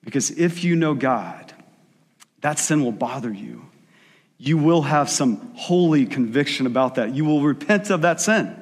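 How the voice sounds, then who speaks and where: A male pastor preaching a sermon in a conversational style, acting out quick asides in the voices of the people he describes. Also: on the high side, animated, slightly rough, in a large hall.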